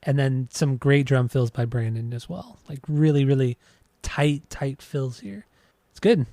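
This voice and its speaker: A man co-hosting a podcast, chatting casually and enthusiastically about music, often rambling and restarting his sentences. His voice is mid-pitched and mellow, warm rather than bright. The recording is dry and close. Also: unhurried, dry recording. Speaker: podcast co-host. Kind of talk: casual music review chat.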